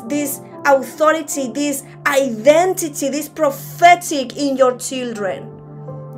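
A woman's voice: sits high, a bit bright. A woman preaching a sermon at a church service in a conversational way, often restarting her sentences.

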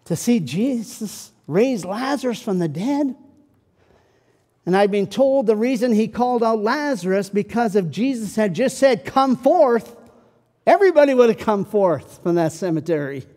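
A male pastor delivers a sermon in a high, unhurried voice. He moves from loud, pleading cries to a quiet, slow hush. The sound rings with the long reverb of a church sanctuary.

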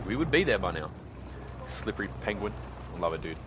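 A chatty, excitable man with a fairly low voice, talking through a live game stream. He swears freely and keeps up the banter, while the gunfire of the game can be heard clearly under his voice. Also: brisk, background noise. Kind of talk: casual live-stream commentary.

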